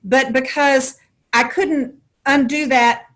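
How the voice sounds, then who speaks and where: A woman's voice: high-pitched, fairly even intonation, slow, a bit bright. Podcast guest: middle-aged woman, Southern drawl, storyteller who leans on folksy metaphors. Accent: Southern American. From American South. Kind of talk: podcast interview.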